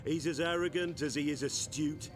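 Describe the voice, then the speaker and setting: A man's voice: on the high side, steady tone, moderate pace, close to an everyday voice. Man voicing a haughty knight, disdainful noble, theatrical, game music behind. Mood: scornful. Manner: haughty, contemptuous, theatrical delivery. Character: scornful aristocratic male knight, disdainful. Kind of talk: video game voice acting.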